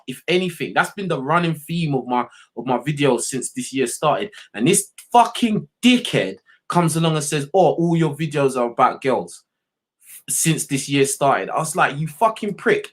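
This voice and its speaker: Young streamer, slightly high voice, heated profane rant to chat. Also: male voice. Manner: blunt, profane, heated, repeats "you know what I mean". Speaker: livestream host. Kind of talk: unscripted rant to livestream chat.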